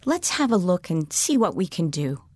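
A woman reads aloud as a kind, patient schoolteacher in a children's storybook, her voice pitched lower and softer, coaxing and a little sing-song. It sounds close and dry, with no room around it. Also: sing-song, moderate pace, no room sound. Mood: gentle. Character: kind gentle female schoolteacher, warm and patient. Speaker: teacher character.

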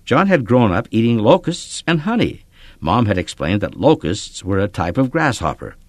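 A man reading a children's story aloud, in expressive, measured scripted narration. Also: lowish voice, no echo.

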